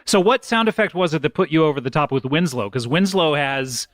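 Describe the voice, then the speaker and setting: A man hosting a comedy podcast, playful and quick with a laugh as he teases his guest. His voice sits a little high for a man. The studio sound is dry, with no room echo. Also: expressive. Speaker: podcast host. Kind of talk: comedic interview.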